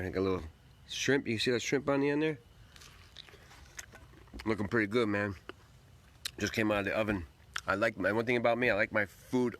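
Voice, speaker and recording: A man's voice: lowish voice, fairly bright tone. A man hosting a casual livestream, greeting viewers by name and rambling upbeat while he eats. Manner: talks while eating. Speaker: livestream host.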